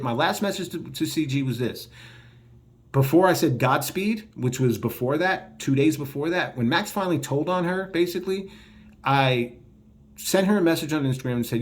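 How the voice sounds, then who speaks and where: A man's voice: a little high, animated, normal speed. A man ranting in a response video, combative and profane, speaking straight to his viewers. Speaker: online commentator. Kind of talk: heated response video rant.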